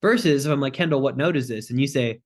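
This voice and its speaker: A man's voice: mid-range voice, quick pace. A man, a sales closing expert, chatting on a podcast in a direct, joking way and acting out phone calls. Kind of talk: casual podcast chat.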